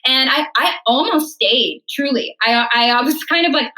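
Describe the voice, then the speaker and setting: A woman's voice: sits high, lively intonation, fairly quick, hardly any pauses, sharp tone, rough recording. A young woman, an opera singer from Illinois, telling her life story casually in an interview, acting out her past thoughts and laughing often. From Illinois, United States.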